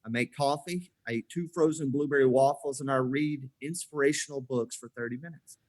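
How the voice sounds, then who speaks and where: Speaking briskly in a mid-range voice, a forties-aged man appears as a podcast guest. His casual storytelling is animated, and he voices the dialogue himself as the tales unfold.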